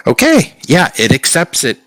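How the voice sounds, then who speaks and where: A man's voice: on the high side, wildly swooping pitch, moderate pace, a bit bright, dry recording. A man narrating as dungeon master for a tabletop game, rambling and playful as he describes the scene. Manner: loose, rambling narration with playful quoted voices.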